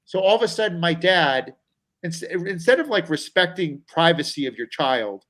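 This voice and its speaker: A man's voice: a little high, moderate pace, poor audio. A middle-aged man, a comedian guest on a talk show, telling a personal story and acting out the voices of people in it. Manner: animated storyteller, acts out quoted voices.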